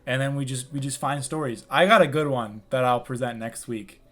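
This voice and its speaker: Bright-voiced giggly young man co-host. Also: medium pitch, steady tone, fairly quick. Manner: crude, giggly, riffs and jokes. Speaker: podcast co-host. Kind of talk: casual comedic chat.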